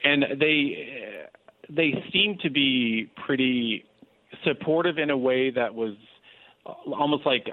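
A man's voice: medium pitch, takes it slowly, no room sound. Earnest man on a tinny phone line. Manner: earnest, animated storytelling with restarts. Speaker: interview guest. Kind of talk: personal testimony in an interview.

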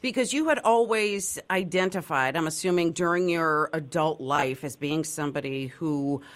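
A woman's voice: low voice, moderate pace. A woman hosting an interview, asking careful questions and giving brief encouraging replies. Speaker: interviewer host.

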